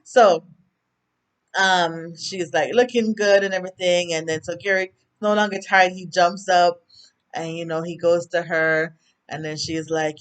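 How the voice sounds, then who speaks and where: A woman with a Jamaican accent and a lowish, steady, unhurried voice recaps a TV episode for her vlog. She's chatty and rambling, drifts into tangents, and acts out the characters' lines as she retells it. The recording sounds clean.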